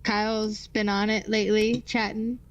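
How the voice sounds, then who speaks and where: A woman's voice: mid-range voice, level tone, moderate pace, rough recording. A woman co-hosting a live stream, chatting casually, laughing often and reading chat messages aloud. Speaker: co-host of a live pinball repair stream.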